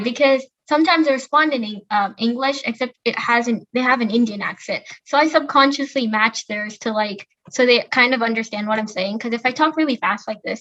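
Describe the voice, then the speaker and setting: Chatty young woman, high voice, muffled audio. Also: a bit bright. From United States. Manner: chatty, many "like" fillers. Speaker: podcast co-host. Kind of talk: casual chat.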